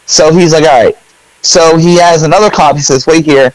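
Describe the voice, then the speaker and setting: A man's voice: fairly high pitch, normal speed, no room sound, poor audio. A middle-aged man, a podcast co-host, telling a long story in casual chat, rambling with fillers and acting out his own lines.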